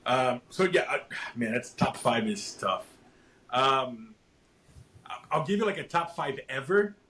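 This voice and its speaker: A man as a podcast guest, answering casually and thoughtfully with hesitant pauses. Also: mid-range voice, animated, pushed and bright. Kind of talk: casual interview chat.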